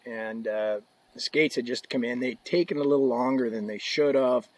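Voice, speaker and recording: A man's voice: mid-range voice, normal speed, no echo. A man in his fifties, a podcast guest, casually telling anecdotes and laughing as he goes. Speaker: guest, hockey equipment rep. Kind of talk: casual storytelling.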